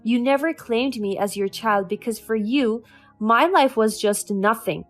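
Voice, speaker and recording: A woman's voice: a little high, measured pace, faint music behind, close to an everyday voice. A woman reading as a cold, defiant young woman. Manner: cutting, firm.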